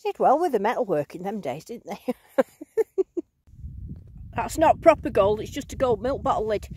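A woman vlogging outdoors in a field, giving bubbly, excited running commentary as she digs and talking to her finds. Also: a little high, moderate pace, a little hiss or hum. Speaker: metal detecting vlogger.

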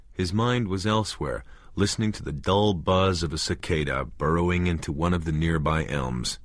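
A man narrating an audiobook in a measured, expressive way. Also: low-pitched, no room sound, clean studio sound.

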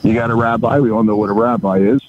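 A man telling crude jokes on a radio show in a dry, deadpan way, chuckling at his own punchlines. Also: medium pitch, quick pace, highs cut off, noisy background. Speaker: regular phone-in joke teller.

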